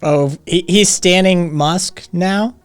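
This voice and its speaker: A man's voice: high-pitched, slow pace, smooth, no room sound, faint music behind. A man hosting a live stream in casual chat, loose and profane, often laughing. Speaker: streamer host.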